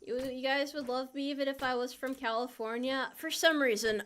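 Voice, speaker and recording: A woman's voice: sits high, steady tone, brisk, fairly bright tone, smooth. A young woman streaming a game, chatting casually and playfully answering her viewers. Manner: playful, reads and answers chat. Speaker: VTuber streamer. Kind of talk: casual gameplay chat with viewers.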